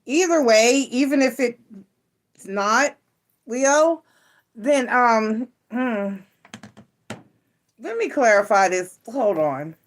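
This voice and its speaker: A middle-aged woman hosts a tarot reading live from her home at night. Her voice sits a little high and she talks slowly. She is playful and loose, laughing often between the cards. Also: animated. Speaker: tarot reader.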